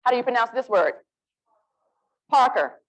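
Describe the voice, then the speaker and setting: A woman with an Alabama Southern accent, leading a lively, interactive literacy workshop and coaxing the audience to join in. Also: a little high, normal speed, low-quality recording. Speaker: literacy presenter.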